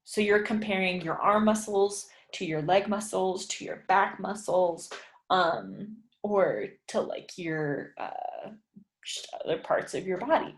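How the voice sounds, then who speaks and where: A woman teaching an English writing lesson, thinking aloud with many fillers and repeating example sentences slowly for learners. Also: medium pitch, animated, roomy sound. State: yawning, sleepy. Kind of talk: casual spoken lesson, writing practice.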